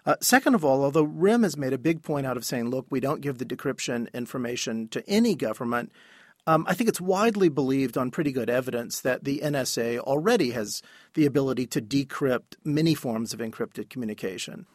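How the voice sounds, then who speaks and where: A man answering questions as an expert guest in a radio interview, explaining at a measured pace with the odd filler. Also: mid-range voice, animated, no room sound, studio quality.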